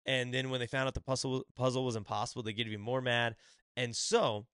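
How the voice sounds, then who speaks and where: In a dry, studio-quality recording, a podcast host with a mid-range, level, slightly bright and clean voice talks through a book. He rambles in casual chat and acts out brief quotes as quick asides.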